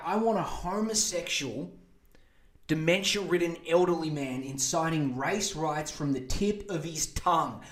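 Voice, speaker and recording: A podcast host, a man who rants with crude, sarcastic mockery. His voice sits fairly high for a man. The recording has a noticeable room echo. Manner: sarcastic, crude and mocking, with repeated insults. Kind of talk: profane comedic rant. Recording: echoey room.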